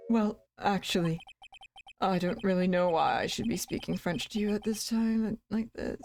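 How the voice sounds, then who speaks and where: A woman streamer rambles through casual game commentary, stammering and mocking herself. Her pitch is ordinary, with faint music playing behind. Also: steady tone, moderate pace, creaky, darkish tone. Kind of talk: let's-play commentary.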